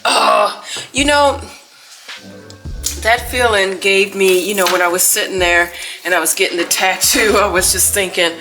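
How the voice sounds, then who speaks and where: A woman's voice: on the low side, moderate pace, music in the background. Chatty middle-aged woman vlogger. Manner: animated and exclaiming, many restarts, drops to soft musing. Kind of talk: casual chat to camera.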